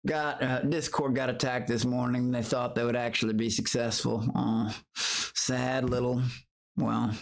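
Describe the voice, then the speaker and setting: A man's voice: medium pitch, flat delivery, moderate pace, vocal fry, few pauses. A man chatting casually on his livestream, boasting and taunting his critics while greeting viewers in chat.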